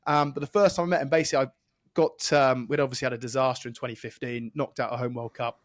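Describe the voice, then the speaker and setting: A man in his thirties, the guest on a casual podcast, telling animated anecdotes and acting out the people in them. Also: mid-range voice, fast, no room sound, studio quality. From England. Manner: animated anecdote teller, acts out quoted voices. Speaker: guest, former England scrum-half.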